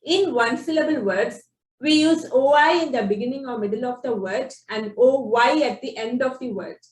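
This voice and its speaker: A woman teaching phonics, explaining spelling rules slowly and sounding out example words one by one. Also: high voice. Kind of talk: slow instructional explanation. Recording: echoey room, distant from the mic.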